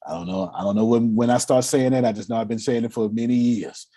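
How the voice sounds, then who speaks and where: Husky-voiced man giving a lively money talk. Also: mid-range voice, fast, hardly any pauses. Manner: animated, laughing, acts out quotes. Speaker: finance coach leading a meeting. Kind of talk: motivational talk.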